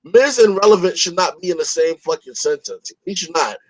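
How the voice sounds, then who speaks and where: A man's voice: sits high, animated, a little fast, a loud crowd, low-quality recording. A man hosting a podcast in a casual chat, opinionated and rambling, swearing freely. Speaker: podcast host.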